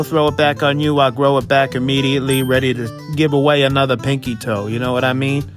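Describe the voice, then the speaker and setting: A man's voice: medium pitch, close to an everyday voice. A man acts out a brash, crude superhero hawking free limb clinics in a spoof commercial. He rambles and boasts in a middling voice, with light music behind him. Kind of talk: comedy spoof ad.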